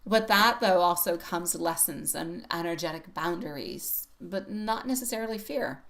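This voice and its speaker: A woman's voice: fairly low pitch, moderate pace, vocal fry, fairly bright tone. A woman reading tarot on a live stream, chatty and affectionate, laughing often and calling viewers sweetie pie. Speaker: tarot reader.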